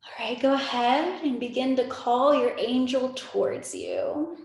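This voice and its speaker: A woman in her twenties leading a guided meditation on a video call, talking in a soft, soothing, repetitive way with casual filler words. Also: sits high, lively intonation, a little slow, creaky, heavy reverb. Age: 20s. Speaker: spiritual meditation leader. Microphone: video call microphone.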